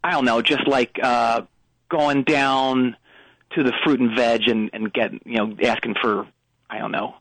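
A man playing a rambling, oddball sports coach calling into a radio show, deadpan with many restarts. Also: medium pitch, a little slow, dry recording, rough recording. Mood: bumbling. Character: rambling middle-aged male sports coach. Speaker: caller. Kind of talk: comedic call-in bit.

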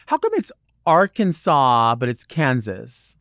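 A male podcast host talks on his own in a loose, wandering monologue, hopping from one thought to the next with plenty of fillers. His voice sits at a middling pitch for a man. The recording is dry and close, with no room echo. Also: big pitch swings, a little slow. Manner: rambling, digressive, chatty with many "like"s. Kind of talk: casual solo monologue.

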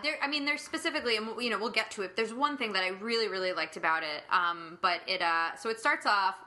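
A woman co-hosting a podcast, chatting casually as she recaps an episode. Her voice is bright and clear and sits at a middle pitch. She talks in a loose, rambling way, full of "like," and slips into quoting the characters. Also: fast talker. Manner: chatty, many "like" fillers, quotes characters. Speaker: podcast co-host.

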